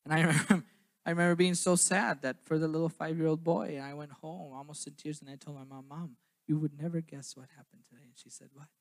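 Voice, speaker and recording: A young man from southern Minnesota preaching a sermon, then telling his own story in a quieter, halting way. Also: on the high side, fairly even intonation. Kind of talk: sermon with personal testimony.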